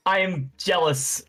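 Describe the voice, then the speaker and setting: A man's voice: sits high, pushed and bright. Enthusiastic male game master. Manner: enthusiastic, rambling with fillers. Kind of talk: hosting a comedy role-play game.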